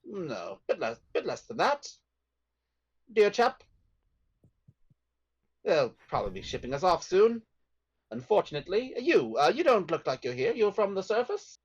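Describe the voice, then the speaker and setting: A man's voice: high voice, big pitch swings, unhurried, pauses often, slightly rough, dull audio, exaggerated voice. A man putting on a genteel British elf. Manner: polite, old-fashioned phrasing. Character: tall male elf captive, genteel and chatty.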